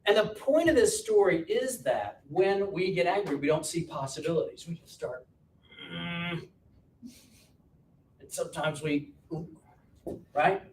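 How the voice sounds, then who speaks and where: A man coaching an audience through a joking, self-mocking personal story, told with lively energy. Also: a little slow, pauses often. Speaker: business coach and speaker. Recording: roomy and distant with faint rumble.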